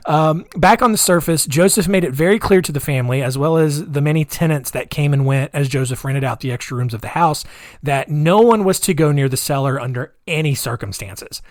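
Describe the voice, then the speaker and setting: A man's voice: a little high, fairly quick, no room sound, clean studio sound. A man hosting a solo podcast, telling a crime story casually with many fillers and offhand asides. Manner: conversational, with filler-heavy asides. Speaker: podcast host.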